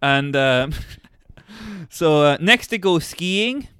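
Animated man recapping a show. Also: a little high, extremely slow, clean tone, no echo, clean studio sound. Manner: animated, acts out quotes in different voices. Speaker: podcast co-host recapping a TV series. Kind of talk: casual comedic chat.

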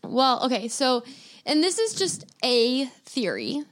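Female podcast co-host, somewhat high voice, reflective, thoughtful conversational read. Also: big pitch swings, slow.

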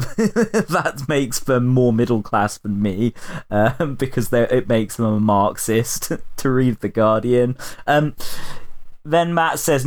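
A man's voice: mid-range voice, a little slow. A man hosting a podcast in casual chat, rambling, swearing and laughing often. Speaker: podcast host.

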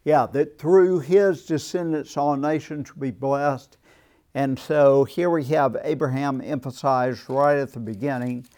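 A man teaching an evening Bible class, speaking in a thoughtful, unhurried way with frequent restarts and pauses. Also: medium pitch, fairly even intonation, darkish tone. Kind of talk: Bible class lecture with discussion.

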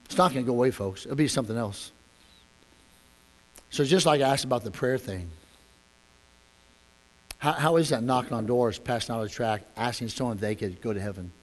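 A man preaching a sermon as a pastor, telling a story with animated rhetorical questions. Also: medium pitch, a little fast, pauses often. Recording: long echoey hall reverb.

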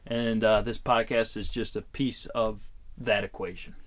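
A man's voice: on the low side, fairly even intonation, measured pace. A man co-hosting a podcast, chatting and recounting stories in a casual way. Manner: chatty, storytelling. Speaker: podcast co-host.

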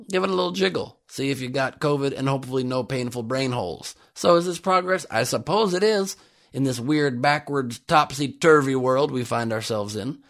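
A man hosting a podcast, delivering a comedic news monologue in a sarcastic, jokey manner. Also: medium pitch. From United States. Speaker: podcast host.

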